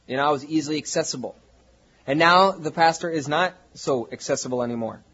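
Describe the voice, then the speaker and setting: A man preaching to his congregation in a husky, somewhat high voice. He talks in a conversational way and builds to emphatic peaks. The recording is dull and lo-fi. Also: a little fast, sharp tone. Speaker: pastor. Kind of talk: sermon.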